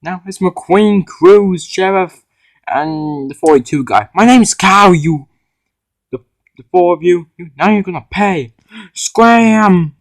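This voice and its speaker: A male voice acting out a homemade toy-car drama, with excited, stumbling, improvised lines. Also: high-pitched, a little slow, no echo.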